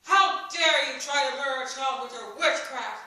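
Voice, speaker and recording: A woman voicing angry villagers who yell accusations. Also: high voice, normal speed. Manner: yelling, accusing. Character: angry adult villagers, men and women. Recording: roomy, from far off.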